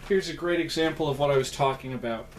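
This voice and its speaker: A man's voice: on the high side, quick pace, slight background noise. A man chatting casually in a vlog, rambling and self-deprecating, with lots of fillers and asides. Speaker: vlogger.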